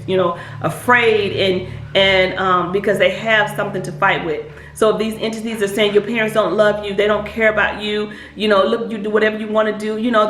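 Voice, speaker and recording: A woman giving earnest, repetitive spiritual advice to parents, often pausing to check in with her listeners. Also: mid-range voice, a bit bright. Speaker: hypnotist and spiritual advisor. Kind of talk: casual advice talk to camera. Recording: echoey room with faint background noise.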